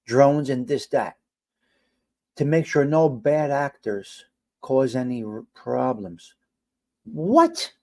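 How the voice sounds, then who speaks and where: A middle-aged man hosting a casual livestream show, talking to his chat and swinging between loud, exasperated, swearing outbursts and quiet mutters. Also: mid-range voice, takes it slowly. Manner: animated, exasperated ranting with swearing.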